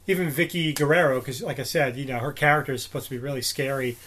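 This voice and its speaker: A man's voice: mid-range voice, steady tone, quick pace, a bit bright, a little hiss or hum. A man in his forties from New Jersey, co-hosting a podcast and telling a rambling story full of restarts and fillers. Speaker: podcast co-host. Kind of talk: casual storytelling chat.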